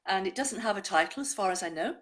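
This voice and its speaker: A woman presenting a show, chatting and reading listeners' poems aloud in a measured way. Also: medium pitch, animated, fairly bright tone.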